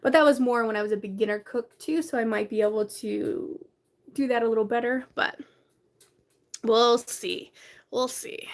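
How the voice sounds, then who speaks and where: A woman's voice: fairly high pitch, brisk. A woman casually chatting on a live stream from her bedroom. She greets viewers by name, laughs often, sounds tired and coughs now and then. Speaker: livestream host.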